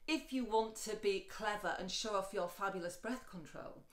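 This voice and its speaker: A woman's voice: moderate pace, echoey room. A woman teaching singing, chatty and encouraging, talking straight to the viewer. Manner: switches between speech and light, high sung lines. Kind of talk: singing lesson with sung demonstrations.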